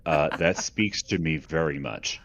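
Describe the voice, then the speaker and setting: A man's voice: a bass voice, a little slow, vocal fry, a bit bright, a little hiss or hum. A man co-hosting a casual live stream, joking wryly and playfully. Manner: playful, wry jokes. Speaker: podcast co-host. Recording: dull lo-fi audio.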